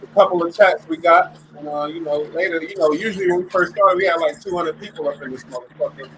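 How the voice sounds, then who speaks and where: A man hosting a casual live-stream chat, talking in a laid-back, slang-heavy way and giving shout-outs to his chat. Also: a little high, fast, slight background noise, poor audio. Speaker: livestream host.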